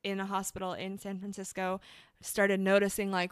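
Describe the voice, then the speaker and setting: A woman talks casually as a podcast co-host, filling her sentences with "like" and "um." Her voice is smooth and clear, recorded close and dry, with no room sound. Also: medium pitch, level tone, normal speed, no room sound. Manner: chatty, fillers, many "like"s. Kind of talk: casual chat.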